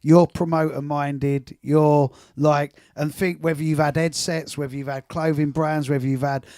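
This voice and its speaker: A man hosts a music chat show, eager and tripping over restarts as he talks. His voice sits a bit high for a man. The sound is dry and close. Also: little pitch movement, moderate pace, warm tone, no room sound. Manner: enthusiastic, stumbling restarts. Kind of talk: casual interview chat.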